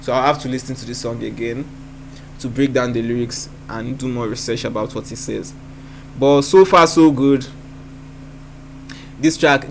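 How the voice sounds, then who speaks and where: A man's voice: medium pitch, a little hiss or hum. A man hosting a reaction video, breaking down rap lyrics in a thoughtful way and often repeating himself as he thinks aloud.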